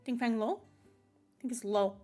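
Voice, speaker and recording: A woman's voice: a little high, very animated, normal speed, soft background music. A woman reading a hesitant amateur cook.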